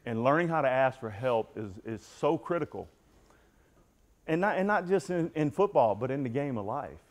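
Here a motivational speaker, a middle-aged man, tells a football team his personal recovery story openly and talks right to them. The delivery is expressive, moderately paced, and medium in pitch.

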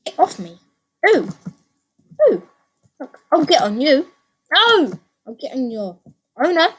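On her gaming channel, this woman gives let's play commentary that's full of excitement, repeated phrases, and abrupt yelps. She speaks slowly, in a voice that sits high.

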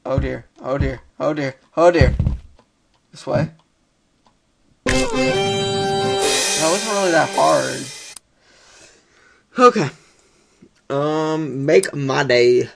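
A young man giving casual let's-play commentary, excitable, often yelping and muttering "oh dear" as he plays. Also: medium pitch, extremely slow, gravelly, long pauses, over music. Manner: excitable, frequent yelps and "oh dear". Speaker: gaming video host. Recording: keyboard clicks and typing behind.

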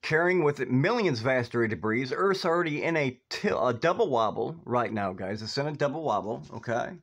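A man speaking in a middle-pitched voice, preaching urgently on his own video and leaning on "guys" and "okay". He repeats himself and rises loud and high when he gets heated. He comes across as an American vlogger. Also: animated, a little fast. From United States. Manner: urgent, repetitive, often saying "guys" and "okay". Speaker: video host. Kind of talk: preachy casual vlog talk. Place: outdoors in northwest Ohio.

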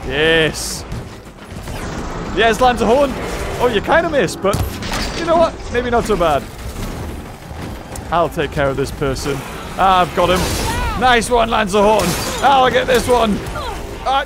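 A man giving excitable let's-play commentary, chatting to enemies with yelps and laughs. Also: high-pitched, slow, pauses often. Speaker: gameplay commentator. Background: game music.

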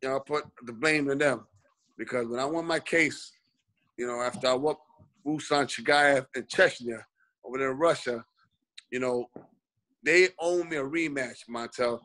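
A man's voice: medium pitch, moderate pace, pauses often, sharp tone, rough recording. A man being interviewed as a boxing guest over a video call, telling a long story with lots of fillers. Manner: rambling, many "you know" fillers. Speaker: guest boxer.

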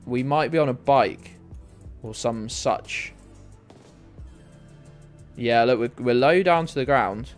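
A man's voice: mid-range voice, slow pace, pauses often. A man streaming a geography game, chatting in a rambling way with his viewers and swearing freely. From United Kingdom. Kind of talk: casual game streaming chat. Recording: faint music underneath.

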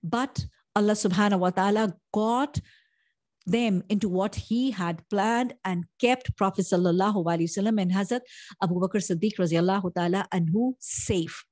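A middle-aged woman giving a Quran lesson, her voice at an ordinary pitch for a woman. She explains each verse at length and weaves Arabic phrases into her English. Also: moderate pace, a little mellow. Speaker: Quran teacher.

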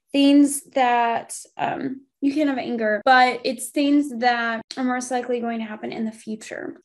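A woman's voice: on the high side, darkish tone. A young woman walking through a spiritual workbook lesson informally, thinking aloud with frequent fillers and self-corrections. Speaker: spiritual study guide.

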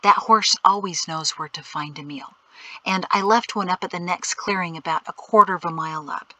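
A woman reading an audiobook voices a calm, wry male guide in a matter-of-fact way. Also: high-pitched, moderate pace, dry recording, rough recording.

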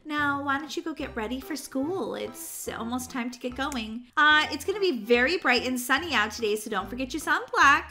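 A woman's voice: high voice, lively intonation, moderate pace, hardly any pauses, pushed and bright, soft background music, full character voice. Woman doing a sugary scheming mom. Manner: sweet, falsely soothing, teasing. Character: sly mother figure, sugary and scheming. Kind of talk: animated roleplay voice acting.

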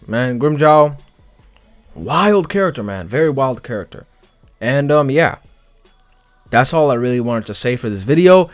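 A man's voice: mid-range voice, dry recording. A man giving a casual, slangy and profane spoken analysis of an anime, talking loosely with many fillers. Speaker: anime commentary vlogger.

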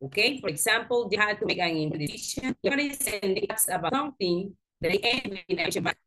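Lively woman teaching English. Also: medium pitch. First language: Spanish. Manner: slow, patient explaining with lively emphasis. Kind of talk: online grammar lesson. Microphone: video call.

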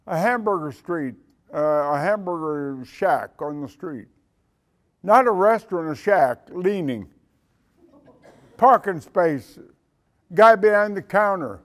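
An older man gives a speech as a retired military leader, telling a story in a lively way and acting out the dialogue. His voice sits fairly high for a man. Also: slow pace, pauses often. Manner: animated storyteller who acts out dialogue. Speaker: retired senior enlisted leader giving a talk.

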